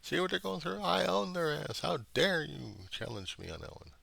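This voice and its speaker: A man's voice: fairly high pitch, very animated, moderate pace, gravelly, sharp tone, no room sound, voice pushed up, heavily acted. A man voicing a gloating, mocking male tormentor who taunts in a sneering tone.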